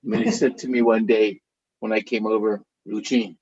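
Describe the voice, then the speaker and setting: A middle-aged man telling stories to a live audience in an animated, chatty way, laughing now and then as he talks. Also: fairly low pitch, moderate pace, husky, muffled recording. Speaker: author.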